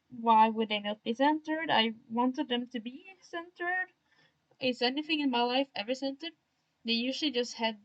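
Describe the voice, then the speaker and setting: A young woman chats to herself while drawing on a livestream, self-mocking and admitting she's using an odd, put-on tone today. Her voice is fairly high and the recording is muffled.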